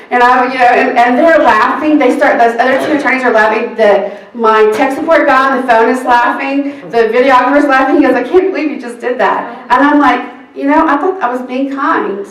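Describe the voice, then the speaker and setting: Animated woman telling a story. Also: fairly high pitch, brisk. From Texas. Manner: animated storyteller acting out quoted exchanges. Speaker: court reporter. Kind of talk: anecdote told to an audience. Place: seminar room. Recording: roomy sound from a distance.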